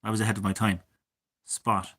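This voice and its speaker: A man in his thirties, chatting casually and swearing a lot as a gaming streamer, drifting between loud remarks and mumbled asides. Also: on the low side, level tone, fairly quick, husky. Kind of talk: casual rambling commentary.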